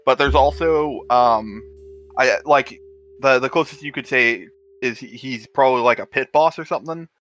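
Halting man running a tabletop game. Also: medium pitch, fairly bright tone, soft background music. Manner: halting, searching for words. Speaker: game master.

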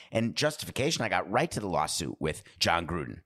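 Rambling low-voiced male podcast host. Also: very animated, brisk, fairly bright tone. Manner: rambling, prone to digressions; chatty, asks rhetorical questions. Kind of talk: casual monologue.

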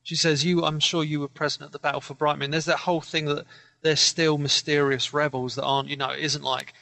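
A man's voice: on the high side, level tone, brisk, vocal fry, pushed and bright, no echo. A man co-hosting a podcast, chatting casually as a keen fan with a rambling, laughing manner. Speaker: podcast co-host.

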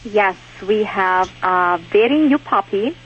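A woman from Russia, calling in to a radio show, chatty and quick to laugh. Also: medium pitch, animated, a bit bright. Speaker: caller. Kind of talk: radio call-in chat. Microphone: phone. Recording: tinny phone line.

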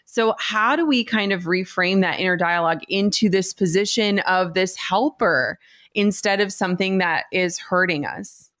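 An upbeat woman hosting a podcast, her voice sitting at a medium pitch. She is recorded dry and close, and she moves briskly through her questions and ad reads. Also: fairly bright tone, no echo. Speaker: podcast host. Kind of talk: interview questions and read ads.

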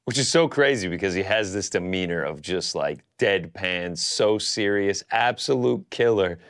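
A man's voice: low voice, expressive, normal speed, fairly bright tone, no echo, clean studio sound. A man co-hosting a casual talk show, easygoing and enthusiastic. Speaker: co-host. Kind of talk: casual chat.

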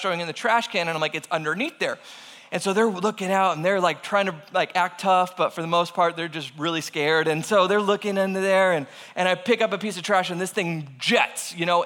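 Bright-voiced man telling a lively story. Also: sits high, big-room sound. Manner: animated, acts out voices in quotes. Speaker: speaker telling a personal story. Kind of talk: animated storytelling to an audience.

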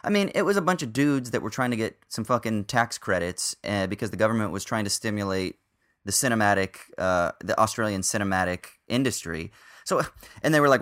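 A man's voice: fairly low pitch, animated, a little fast, a bit bright. A man co-hosting a podcast, talking films in a casual, swearing way with lots of fillers. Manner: swears freely, many fillers. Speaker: podcast co-host. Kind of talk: casual film discussion.

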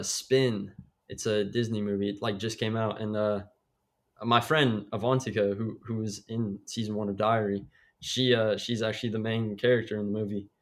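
Hesitant young man telling a story. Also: lowish voice. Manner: hesitant, many fillers. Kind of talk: casual storytelling.

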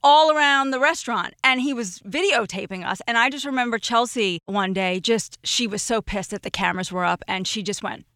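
A woman in her forties tells stories as a podcast guest, openly emotional and expressive. Her voice sits fairly high and bright, captured close and dry. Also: a little fast, hardly any pauses, no room sound. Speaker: guest, former roommate. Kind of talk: casual podcast storytelling.

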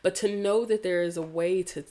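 A woman's voice: fairly low pitch, fairly even intonation, normal speed, mellow. A woman from the American South, telling a personal story in an interview, earnest and reflective, with casual swearing. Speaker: yoga practitioner guest.

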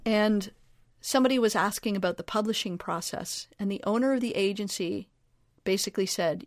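A woman's voice: mid-range voice, fairly quick, no room sound. Spirited woman author, dry sound. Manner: energetic, emphatic, spirited. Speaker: author and guest. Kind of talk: casual chat.

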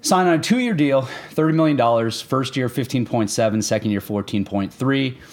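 A young man co-hosting a casual sports podcast, joking and excitable, his voice jumping up high when he gets animated. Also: moderate pace. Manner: excitable, jokey, pitch jumps up when animated. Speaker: podcast co-host.

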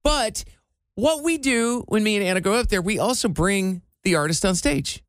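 A man's voice: sits high, expressive, normal speed, a bit bright, no room sound. A man co-hosting a radio show, joking and teasing his co-host in casual banter. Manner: playful, teasing.

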